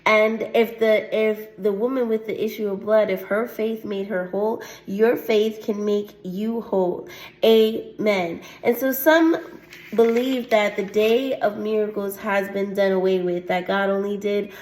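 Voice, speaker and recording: A woman at a middle pitch preaches a heartfelt teaching sermon and reads scripture aloud. She punctuates her points with frequent "Amen"s and soft laughs. The room around her is echoey. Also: fairly even intonation, measured pace. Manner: earnest, repeats "Amen" often, laughs lightly. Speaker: host of a faith testimony show.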